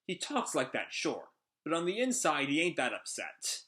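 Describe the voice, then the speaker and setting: A man voicing a gruff male gang underling from a manga, reading his lines in a rough, slangy way. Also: fairly high pitch, wildly swooping pitch, moderate pace, pushed and bright, exaggerated voice.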